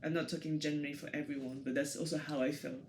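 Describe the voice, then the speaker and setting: A woman's voice: low voice, level tone, very fast, darkish tone, a little hiss or hum. French woman guest, loose hesitant chat, faint ambience. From France, Paris suburbs. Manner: hesitant, many fillers and restarts, laughs easily. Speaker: guest photographer. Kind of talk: casual interview talk.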